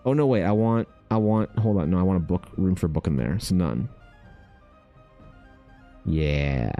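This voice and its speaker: A young man streaming casually, excitable and thinking aloud, swearing freely as he chats. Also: deep voice, unhurried, pauses often, soft background music. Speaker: art streamer. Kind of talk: casual livestream chat.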